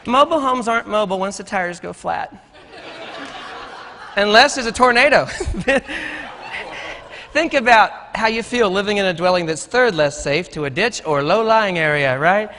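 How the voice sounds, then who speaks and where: A man's voice: sits high, expressive, normal speed, pauses often, sharp tone, a little hiss or hum. A middle-aged man giving a conference talk, telling folksy, joking stories about teaching and growing up. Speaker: conference speaker. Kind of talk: storytelling keynote talk. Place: conference stage. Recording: echoey hall.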